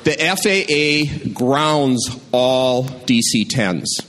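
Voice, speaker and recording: A man tells a personal story on stage at a live storytelling night. His delivery is conversational, wry and deadpan, and his voice sits in an ordinary middle range. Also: mid-range voice, drawn-out words.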